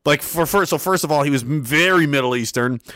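A man's voice: on the high side, a little fast, pushed and bright, no echo, clean studio sound. A young man streaming, rambling through a casual story with profanity, frequent laughter and acted-out quotes.

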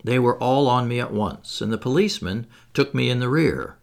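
A man reading a classic adventure novel aloud as an audiobook, in an expressive, dramatic way. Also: medium pitch, moderate pace, creaky. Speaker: audiobook narrator.

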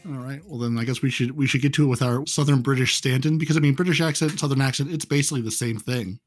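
A man's voice: mid-range voice, fairly even intonation, fast, soft background music. Male co-host, casual gaming chat, rambling and jokey. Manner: joking, rambling, repeats words. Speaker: podcast co-host.

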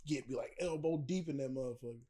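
A man in casual, profane banter with friends, telling animated stories and putting on quoted voices. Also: medium pitch, fast talker, crowd noise.

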